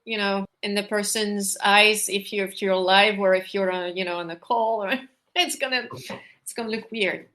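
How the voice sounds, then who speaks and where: A woman's voice: medium pitch, fairly even intonation, moderate pace, a bit bright. Female interview guest, non-native English accent, hesitant delivery with many fillers. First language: not English. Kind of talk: live interview.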